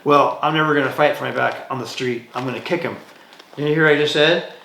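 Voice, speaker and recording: Gravelly-voiced male guest, animated storyteller, roomy echo with faint noise. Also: medium pitch, fast talker. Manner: animated storyteller, acts out dialogue in quoted voices. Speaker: martial arts instructor, podcast guest. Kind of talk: casual interview storytelling.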